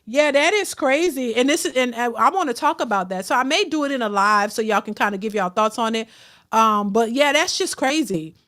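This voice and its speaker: A woman's voice: a little high, expressive, fairly quick, a bit bright. A woman hosting a casual livestream, reading out super chats and giving her blunt opinions, with lots of restarts and repeated phrases. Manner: outspoken, repeats herself, frequent restarts. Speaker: host of a reaction livestream.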